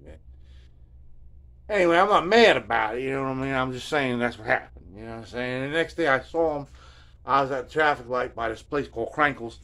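A man's voice: medium pitch, a bit bright. A middle-aged man from New Jersey hosting a guitar video journal, telling a rambling, laid-back story and saying "man" and "you know what I mean" often.

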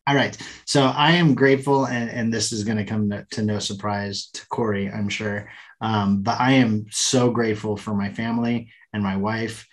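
A man co-hosting a podcast, talking enthusiastically and earnestly in casual conversation. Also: on the low side. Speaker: podcast co-host.

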